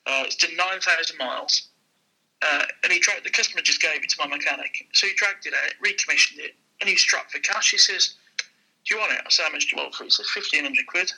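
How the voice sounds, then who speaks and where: A man with a high, bright, somewhat husky voice tells anecdotes at a quick clip. He acts out each exchange in his story. The sound is thin and tinny, like a phone line. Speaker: guest, former car dealer. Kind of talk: casual storytelling.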